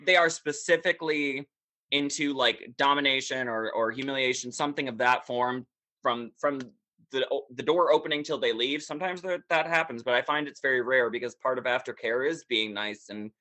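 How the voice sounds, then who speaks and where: A man in his thirties chats as a podcast guest, blunt and full of swearing. His voice is bright and tense, at an ordinary middle pitch. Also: moderate pace, no room sound. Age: 30s. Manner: candid, profane and animated. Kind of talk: casual interview talk.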